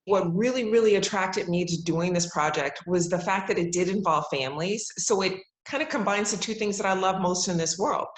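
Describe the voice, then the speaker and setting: A woman in her forties, a TV judge, chats in a casual interview, upbeat and emphatic, laughing often. Her voice is on the low side and a little fast with few pauses, and the room has a noticeable echo.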